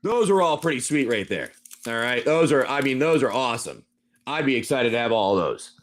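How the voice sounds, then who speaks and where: A man's voice: medium pitch, very animated, a little fast. A man hosting a casual card-opening stream, chatty and rambling, reading card names and telling an adventure story. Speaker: livestream seller opening card packs.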